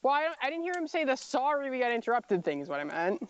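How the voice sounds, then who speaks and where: A woman's voice: high voice, big pitch swings, fast, clear, resonant tone, lo-fi sound. Woman rambling among game players. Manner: rambling, self-correcting. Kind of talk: casual chat among players.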